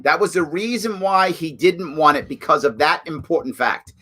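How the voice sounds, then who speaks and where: A man hosting his own political commentary livestream, talking in a sarcastic, animated, mocking way. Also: a little high, moderate pace, breathy edge. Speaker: show host.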